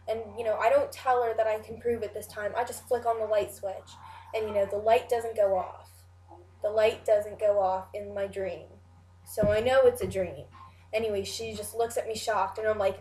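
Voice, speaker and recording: A woman's voice: medium pitch, fairly even intonation, moderate pace, warm tone. Rambling young woman in an echoey room. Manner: rambling, swears often, many "like" and "you know" fillers. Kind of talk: casual storytelling of a dream.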